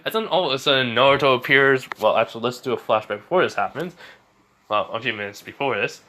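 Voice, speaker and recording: A man's voice: mid-range voice, lively intonation, quick pace, sharp tone. A man casually telling a homemade fan story, rambling and chuckling as he goes.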